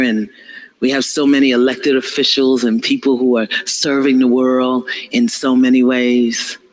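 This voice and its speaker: A man giving an animated motivational sermon, calling out to the audience and acting out the voices of others. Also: fairly high pitch, slight background noise, low-quality recording. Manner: animated, call-and-response, acts out voices. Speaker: motivational speaker. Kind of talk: inspirational preaching.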